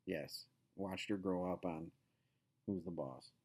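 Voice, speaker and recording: A man's voice: low voice, takes it slowly, a little mellow, breathy edge. A man hosting a casual show, talking through a sitcom episode in a loose, rambling way full of fillers and asides. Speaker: podcast host.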